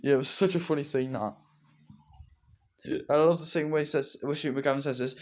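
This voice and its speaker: A man's voice: medium pitch, fairly even intonation, fairly quick. A teenage boy, reviewing a movie in rambling, repetitive fan talk. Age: teens. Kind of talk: casual solo movie review. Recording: dull lo-fi home recording.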